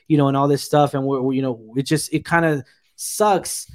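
A man's voice: fairly high pitch, brisk. A man co-hosting a casual TV review chat, retelling scenes in a rambling, filler-heavy, enthusiastic way. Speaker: podcast co-host reviewing a TV episode.

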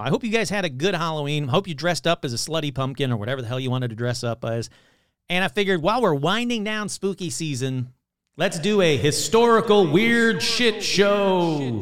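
Male podcast host, sarcastic, swearing storyteller, lively pitch swings, smooth clear voice, dry close sound. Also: no room sound. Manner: sarcastic, profane, animated retelling. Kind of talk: casual comedic storytelling.

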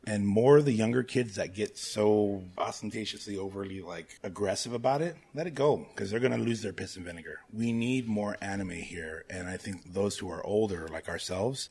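A man in his thirties, a guest on a casual podcast chat, swearing freely and telling animated stories. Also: fairly low pitch, moderate pace, hardly any pauses, husky. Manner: profane, animated storyteller who mimics people.

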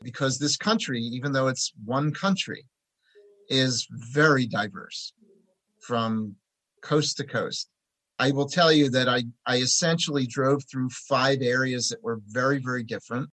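A man's voice: medium pitch, a little slow. A man from Philadelphia who works as a tax preparer, telling road-trip stories as a guest in a conversational interview. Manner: chatty anecdotal storyteller, animated when telling jokes.

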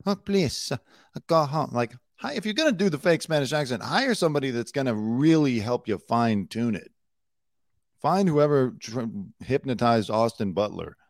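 A man's voice: mid-range voice, big pitch swings, moderate pace, darkish tone, no room sound, clean studio sound. Blunt, sarcastic male news host. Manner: blunt, sarcastic, swears casually. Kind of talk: casual news commentary.

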